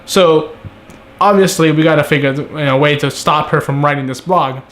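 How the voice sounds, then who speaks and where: A man's voice: on the high side, fairly bright tone, slight background noise. Chatty young man reviewing an episode. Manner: conversational, acts out characters' lines in quick asides. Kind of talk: casual solo review.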